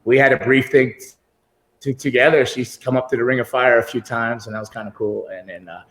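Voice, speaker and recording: A man's voice: medium pitch, fairly even intonation, a little fast, fairly bright tone. Middle-aged guy rambling thru old stories on a video call, laughs a lot, echoey room. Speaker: guest wrestler. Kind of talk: casual interview storytelling. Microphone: computer video call.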